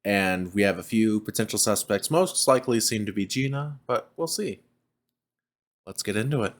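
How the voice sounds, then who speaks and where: A man's voice: lowish voice, lively intonation, moderate pace. Chatty man narrating his gameplay. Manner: chatty, reads game text aloud, laughs often. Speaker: let's play host. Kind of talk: casual gameplay commentary.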